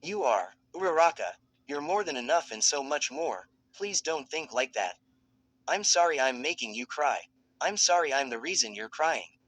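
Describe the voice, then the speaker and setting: A man's voice: a little high, animated, normal speed, a bit bright, dry recording, rough recording. A man voicing a desperate young man who pleads and apologizes during a fan fiction reading. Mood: pleading. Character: desperate young man fighting his own body.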